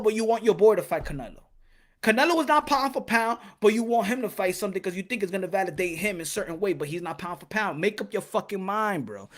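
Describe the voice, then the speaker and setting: A man's voice: high-pitched, a bit bright. Heated, profane man ranting on a boxing podcast. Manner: heated, profane, hammering repeated rhetorical questions. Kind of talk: solo opinion rant.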